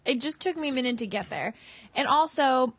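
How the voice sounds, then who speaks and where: A woman co-hosting a podcast, telling stories in an animated, chatty way with lots of fillers. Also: high-pitched, fairly quick, husky, dry recording. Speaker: podcast co-host. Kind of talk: casual chat.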